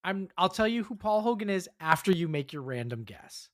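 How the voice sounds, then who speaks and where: A woman hosts a casual podcast, quizzing her friends and cheering them on. Her voice sits a little low but swings widely in pitch. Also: very animated, normal speed. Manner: upbeat, encouraging quizmaster. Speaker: podcast host running a quiz.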